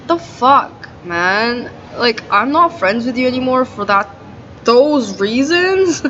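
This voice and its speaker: Woman recording a diary rant: indignant, swearing, filler-heavy talk, captured on dull lo-fi audio with clear background noise. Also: on the high side, fairly bright tone. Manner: profane, aggrieved venting, heavy use of "like". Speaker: video diarist. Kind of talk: ranting video diary.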